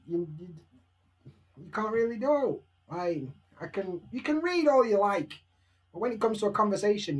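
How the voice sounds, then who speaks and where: A young man with a Barnsley Yorkshire accent, chatting casually and self-mockingly at home on a live stream, answering viewers' questions. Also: fairly high pitch.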